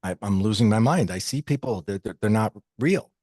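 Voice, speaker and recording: A man guest on a podcast, telling a personal story in an animated way and acting out the dialogue he quotes. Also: lowish voice, brisk, no echo.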